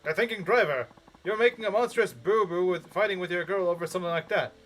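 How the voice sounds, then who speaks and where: A man's voice: high voice, fast, a little hiss or hum. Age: adult. Figure: a man doing a cheesy radio DJ. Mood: cheery. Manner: bright showy announcer delivery. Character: cheesy upbeat male radio DJ.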